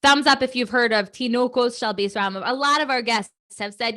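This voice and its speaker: A woman in her thirties, hosting a children's prayer program on a video call, chatty and animated with many fillers and asides. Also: a little high, a little fast. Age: 30s. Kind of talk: lively talk to kids on a video call.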